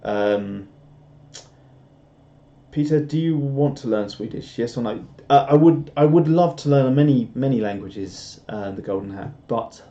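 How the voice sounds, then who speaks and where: A man's voice: medium pitch, animated, measured pace, dark tone. A British man hosting a casual live stream and chatting through viewer comments in a rambling, self-deprecating way, chuckling often. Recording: dull lo-fi stream audio.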